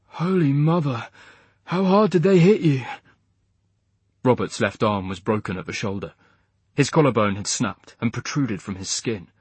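A man narrating an audiobook in a measured, even storytelling manner. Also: medium pitch, breathy edge, dry recording. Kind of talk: scripted narration.

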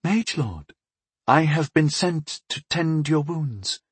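Brief: a man doing a frank young woman healer, wry and patient, lifted a little higher than his own voice, husky, lively. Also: moderate pace, no room sound. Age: 20s. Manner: patient, amused, matter-of-fact.

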